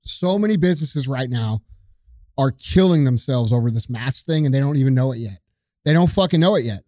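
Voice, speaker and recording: A man's voice: mid-range voice, lively intonation, fairly quick, no echo, studio quality. A man co-hosting a podcast, ranting with profanity in casual talk. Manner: profane, forceful, preachy. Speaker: podcast co-host.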